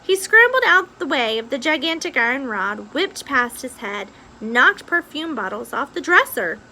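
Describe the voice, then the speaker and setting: A woman's voice: high-pitched, sing-song, moderate pace, bright, forceful tone, a little hiss or hum, rough recording. A woman reading a children's novel aloud with expression, after a casual recap. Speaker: reader.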